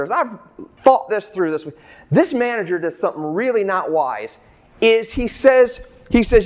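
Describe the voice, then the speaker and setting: High-voiced casual preaching man. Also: sing-song, moderate pace. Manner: conversational, acts out the characters' lines. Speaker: pastor. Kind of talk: sermon.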